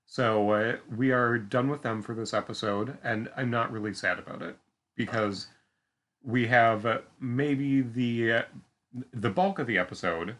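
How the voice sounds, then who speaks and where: A man's voice: mid-range voice, measured pace, a bit bright. A man co-hosting a podcast, talking through a TV episode in a casual, hesitant way. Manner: hesitant, many fillers and restarts, laughs easily. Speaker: podcast co-host. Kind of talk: casual chat recapping a TV episode.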